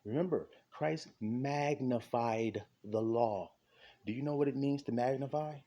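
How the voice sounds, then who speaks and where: A man preaching an impassioned sermon, fervent and repetitive, with a husky voice. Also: mid-range voice, unhurried, dark tone. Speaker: street preacher.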